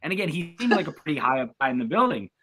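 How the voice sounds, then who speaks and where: Man, from US East Coast, podcast guest, casual chat, bright voice, rambling with fillers. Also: on the high side, sing-song, racing, slightly rough. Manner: chatty, many fillers and restarts. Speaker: guest sportswriter.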